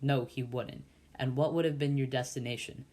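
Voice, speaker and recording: A man's voice: mid-range voice, steady tone, normal speed, a little mellow, lightly acted. A man voicing a pompous, self-satisfied older uncle who lectures a boy at the dinner table, in a storybook reading. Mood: lecturing. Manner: lecturing, bossy.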